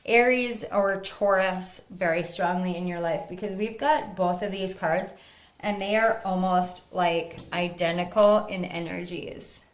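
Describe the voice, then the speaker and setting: A woman's voice: fairly low pitch, unhurried. Earnest woman giving a tarot reading. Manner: earnest, soothing and encouraging, with excited outbursts. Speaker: tarot reader. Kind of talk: spiritual pick-a-card reading to camera.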